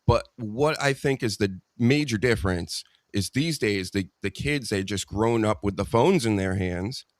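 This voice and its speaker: Boston host, blunt joking rants, dry close sound. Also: male voice, lowish voice, measured pace, no echo. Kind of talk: casual live show chat.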